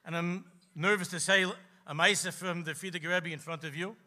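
A man, a rabbi preaching to a gathering, telling stories with passion and slowing down for emphasis. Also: steady tone. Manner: impassioned storytelling, slows for emphasis, drops low and quiet at key lines. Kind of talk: sermon at a gathering. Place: live event hall.

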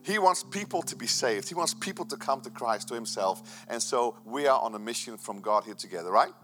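A man's voice: medium pitch, lively intonation, brisk, a bit bright, soft background music. A man preaching a sermon to his church, enthusiastic and rambling, with frequent restarts. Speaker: pastor.

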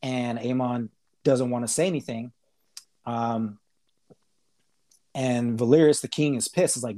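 A man on a podcast, casually retelling a TV episode in a rambling way, with lots of fillers and quick acted-out quotes. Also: medium pitch, fairly even intonation, warm tone. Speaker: podcast host. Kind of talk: casual chat recapping a TV episode.

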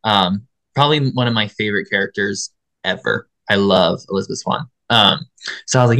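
A woman's voice: extremely low pitch, a little fast, fairly bright tone, no echo, low-quality recording. A woman cosplayer as a podcast guest, telling stories politely, avoiding swearing and laughing often. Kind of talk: casual interview chat.

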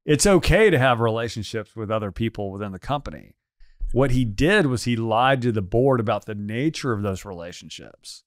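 A man's voice: mid-range voice, lively intonation, normal speed, no echo, clean studio sound. A man co-hosting a podcast, explaining a news item plainly in casual chat. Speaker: podcast co-host.

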